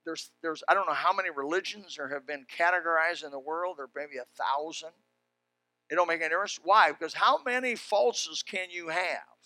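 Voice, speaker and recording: An older man preaching a sermon, telling folksy stories and building up to shouted exhortation. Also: on the high side, a little fast, dry recording.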